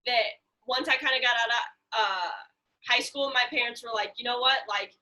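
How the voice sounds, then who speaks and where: A woman's voice: fairly high pitch, moderate pace, bright, forceful tone. A young woman from Central Illinois co-hosting a podcast over a video call, chatting casually and swearing freely as she gives blunt advice. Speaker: podcast co-host. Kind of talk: casual chat.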